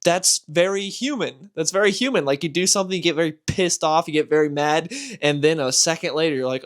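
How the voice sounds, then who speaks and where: A man giving casual, animated commentary as a comic book channel host, exasperated and ranting. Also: fairly high pitch, brisk, hardly any pauses.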